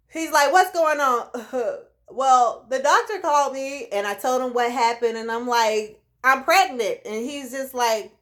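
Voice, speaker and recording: A woman in her late thirties telling a personal story in a casual vlog, lively and acting out what people said. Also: on the high side. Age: 30s. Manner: animated, acts out quoted voices. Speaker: vlogger.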